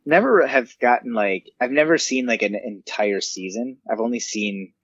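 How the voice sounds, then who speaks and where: A man co-hosting a podcast, chatting casually in an easygoing way with halting restarts. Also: mid-range voice, a bit bright, no room sound. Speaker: podcast co-host. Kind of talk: casual chat. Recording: dull dry lo-fi mic.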